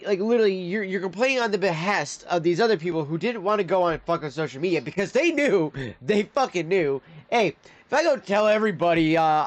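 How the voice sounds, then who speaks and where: A man streaming his reactions to videos, ranting with heated, profane outbursts. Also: high-pitched. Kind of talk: live reaction stream commentary.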